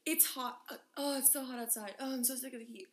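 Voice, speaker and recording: A woman's voice: sits high, fast talker, crowd noise. A young woman and swim coach chatting casually with friends, ranting and acting out quoted lines. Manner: animated, ranting, acts out quotes. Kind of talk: casual chat among friends. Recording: echoey room.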